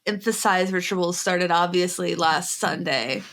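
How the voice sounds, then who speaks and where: A woman's voice: fairly low pitch, a little slow. A woman co-hosting a podcast, chatting casually and telling a story with lots of laughter. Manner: laughing often, excited storytelling. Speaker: podcast co-host. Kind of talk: casual chat.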